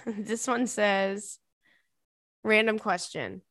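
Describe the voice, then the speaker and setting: A woman's voice: mid-range voice, slow pace, long pauses, no room sound, studio quality. A woman in her thirties hosting a podcast, chatting casually and reading listener emails, with rambling asides and plenty of swearing. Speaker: podcast host.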